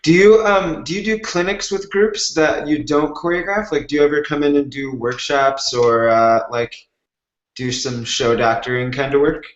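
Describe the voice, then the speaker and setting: A man's voice: fairly high pitch, normal speed. A man hosting an interview show, asking rambling, friendly questions full of fillers. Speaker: podcast host. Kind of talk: casual interview chat. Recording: roomy lo-fi remote audio.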